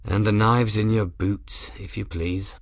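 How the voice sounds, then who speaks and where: A man's voice: lowish voice, steady tone, unhurried, no room sound. A man voicing a stern, formal male airship captain who speaks in a hard, clipped, dry tone.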